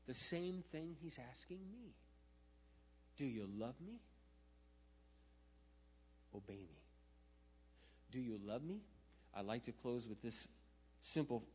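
A man preaching a sermon as a pastor, swinging between hushed, tender passages and loud, impassioned outbursts. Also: mid-range voice, slightly rough. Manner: emotional, swings from hushed to shouting. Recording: muffled, with a long hall echo.

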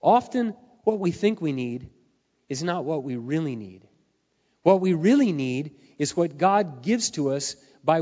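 A middle-aged man preaches in a slightly high voice that is going hoarse. He talks earnestly, dropping to quiet confessions, then building to loud, emphatic peaks. The sound is muffled, with a long reverb from a large hall. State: losing his voice. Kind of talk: sermon.

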